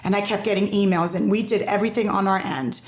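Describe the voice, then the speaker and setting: An emphatic middle-aged woman talks through a parent's story in a relaxed podcast conversation, slipping into the voices of the people she quotes. Her voice sits at an ordinary pitch for a woman. The room adds a clear echo around her. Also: fast talker. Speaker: parent guest. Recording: roomy echo.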